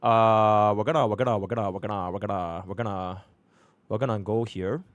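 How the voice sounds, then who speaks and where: A man's voice: fairly low pitch, fairly even intonation, brisk, no room sound, highs cut off. A young man from Singapore streaming live, chatting casually and muttering to himself as he works through menus. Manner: chatty, repeats filler phrases, mutters to himself.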